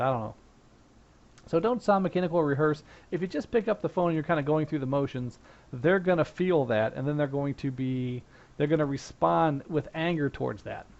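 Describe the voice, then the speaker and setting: A man's voice: fairly high pitch, creaky, darkish tone. A man teaching a help desk class in a casual, conversational way, acting out sample phone lines. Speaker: instructor. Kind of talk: casual lecture. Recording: dull lo-fi recording.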